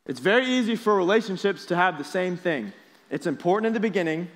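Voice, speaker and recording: A young man preaches to a youth group, casual and energetic, keeping the students involved with quick questions. His voice sits a little high. The long reverb of a large hall trails behind his words. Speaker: youth pastor. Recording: echoey hall.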